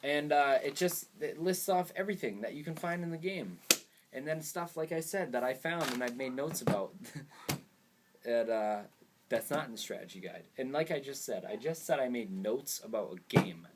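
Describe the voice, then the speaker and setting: A man's voice: mid-range voice, animated, moderate pace, very noisy. A young man hosting a casual gaming vlog, rambling and easily distracted, often laughing at himself. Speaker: gaming video host.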